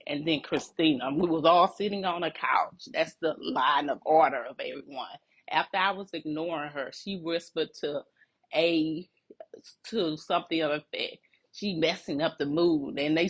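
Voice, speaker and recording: A woman telling a workplace story in a casual, animated and indignant way, laughing between phrases. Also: sits low, breathy edge.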